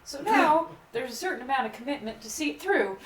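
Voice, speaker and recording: A woman's voice: sits high, expressive, brisk. A woman playing a tabletop game, wry and teasing. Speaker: player. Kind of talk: in-character tabletop play. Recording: echoey room, noisy mic.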